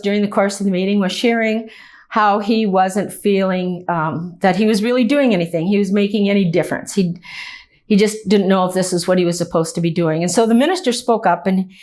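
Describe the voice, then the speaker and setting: A middle-aged woman giving a motivational talk, telling stories earnestly with touches of humor and lively quoted dialogue. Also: mid-range voice. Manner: earnest storytelling with warm humor, lively quoting. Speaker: inspirational speaker. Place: meeting or talk venue.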